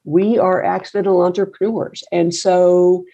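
A middle-aged woman with a low, gravelly voice talks through her story in a loose, wry manner, often pausing on fillers and restarting. Her tone is dark and mellow, and the recording sounds a bit dull and lo-fi. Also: level tone. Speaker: coffee roaster and business owner. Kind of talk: casual interview storytelling.

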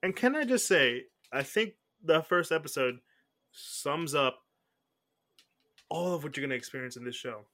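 Speaking at normal speed with frequent pauses, this male podcast host has a sharp, somewhat high voice and lively intonation. His casual chat is rambling, full of self-corrections and restarted sentences.

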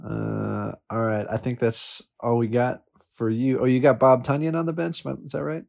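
A man hosting a fantasy football podcast, talking casually in a mid-range voice. He teases his friends with quick, joking banter. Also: mid-range voice, fairly even intonation, vocal fry, darkish tone. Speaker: podcast host.

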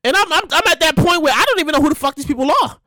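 A woman hosting a podcast in a casual monologue, with a loud voice and an animated, profane way of talking. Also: high-pitched, rapid-fire, no room sound. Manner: animated, profane, acts out quotes in bursts. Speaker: podcast host.

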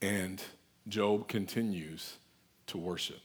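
A man's voice: low voice, slow pace, breathy edge. A man preaching a conversational sermon, earnest and emphatic, speaking off the cuff.

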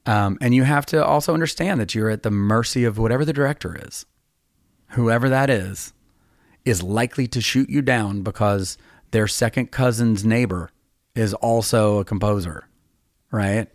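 Low-voiced man telling rambling stories. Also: moderate pace, no room sound, clean studio sound. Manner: rambling, self-deprecating storyteller. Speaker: songwriter and podcast host. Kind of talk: casual storytelling chat.

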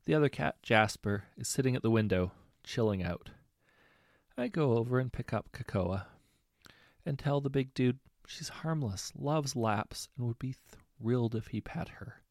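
A man reading short anecdotes aloud in a relaxed, conversational way, correcting himself now and then. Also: medium pitch, unhurried, no echo, studio quality. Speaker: story narrator.

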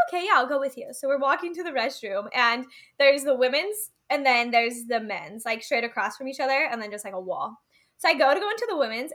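A woman's voice: sits high, fairly bright tone. A young woman co-hosting a podcast, telling stories in casual chat, giggly and full of "like"s. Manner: giggly storytelling, many "like"s. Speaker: podcast co-host.

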